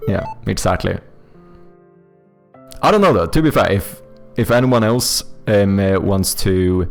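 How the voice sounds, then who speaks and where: A man's voice: low voice, expressive, unhurried, creaky, faint music behind. A man, chatting casually with viewers on a live stream while playing a word game, thinking aloud and swearing freely.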